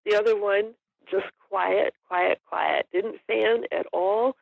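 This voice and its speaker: Brief: woman guest, gravelly, chatty storyteller who laughs a lot, dull lo-fi audio. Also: medium pitch, steady tone, takes it slowly, no echo. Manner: chatty, laughs often while telling the story. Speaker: hunting guest. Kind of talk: casual storytelling in an interview.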